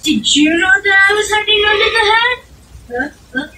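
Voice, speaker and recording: A woman's voice: very high-pitched, lively intonation, normal speed, pushed and bright, full character voice. A woman voicing a cheerful, playful little child in a children's cartoon, eager and asking many questions. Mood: excited. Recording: distant mic with clear background noise.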